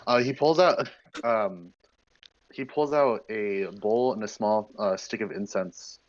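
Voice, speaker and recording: A man's voice: on the low side, slow, highs cut off. A man playing a tabletop game, describing his character hesitantly with many fillers and polite apologies. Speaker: player.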